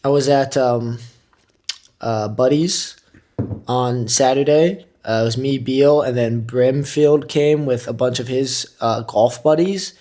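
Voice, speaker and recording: A man's voice: mid-range voice, takes it slowly, warm tone. Rambling, joking man in casual chat. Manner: rambling, profane, joking storyteller. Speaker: podcast co-host.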